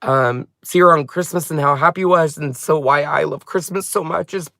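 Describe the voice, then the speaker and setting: Male crafting vlogger, slightly high voice, halting and heartfelt, dry close recording. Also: vocal fry, pushed and bright, no echo. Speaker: crafting channel host. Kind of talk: personal storytelling vlog.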